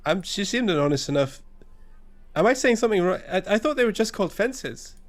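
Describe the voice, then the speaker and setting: A man's voice: high voice, sing-song, a little fast. A man in casual chat at a tabletop game, sounding puzzled and hesitant. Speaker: player. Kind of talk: casual tabletop role-play.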